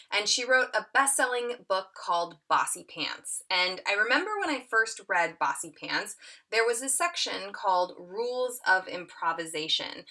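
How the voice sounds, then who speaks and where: A woman's voice: lowish voice, sharp tone. A middle-aged woman teaching a tutorial, reading an excerpt aloud and acting out the quoted lines with lots of expression.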